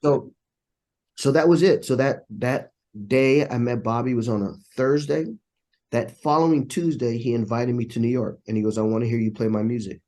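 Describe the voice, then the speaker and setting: A man's voice: mid-range voice, fairly even intonation, normal speed, darkish tone. A man, a trumpet player and interview guest, telling stories in casual conversation and acting out the voices of people he quotes.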